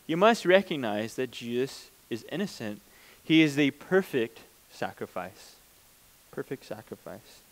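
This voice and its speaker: A man's voice: medium pitch, sing-song, measured pace, few pauses. A man preaching a conversational sermon as pastor, plain-spoken and informal, often restarting mid-sentence.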